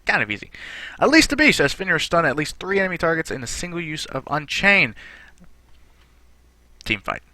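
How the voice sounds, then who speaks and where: A man's voice: a little high, very animated, quick pace, pushed and bright, dry recording. A young man chatting casually through game patch notes, rambling with lots of fillers. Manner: rambling, filler-heavy, conversational. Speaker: gaming channel host.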